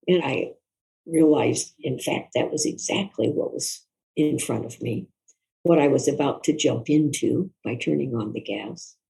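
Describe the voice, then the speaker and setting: An older woman, a guest author, recalling a personal story in an interview in a reflective, soft-spoken, earnest way. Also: sits low, animated, a little slow, vocal fry, low-quality recording.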